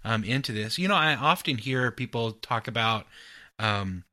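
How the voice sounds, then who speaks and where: A male podcast host talks in a very bright, mid-pitched voice. He is casual and enthusiastic and keeps checking in with "right?" as he reflects. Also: animated, moderate pace. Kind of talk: conversational podcast interview.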